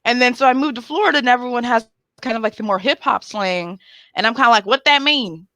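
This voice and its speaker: Woman guest, lively storyteller, bright dry voice. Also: fairly high pitch, fast talker, no echo. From United States, grew up in Arkansas. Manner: animated storyteller, acts out quoted voices. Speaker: podcast guest. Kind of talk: casual chat.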